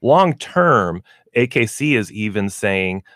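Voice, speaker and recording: Fairly low and sing-song, his voice moves slowly and has a slight brightness, captured in studio quality with no room sound. He's a pet store radio show host giving folksy, casual training advice while playing the parts of dogs and owners.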